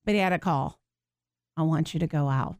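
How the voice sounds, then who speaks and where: A woman hosting a faith show, teaching from the Bible in an animated, expressive way and acting out what people in the story say. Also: sits low, fairly quick, dry recording, studio quality. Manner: animated, expressive, laughs and acts out voices.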